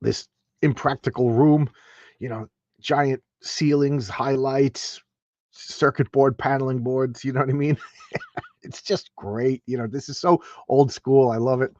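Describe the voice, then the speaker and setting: A man's voice: medium pitch, steady tone, a little slow, darkish tone, no echo, muffled recording. A man hosting a casual comic book review, talking in a rambling, enthusiastic way with many restarts and asides. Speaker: comic book show host.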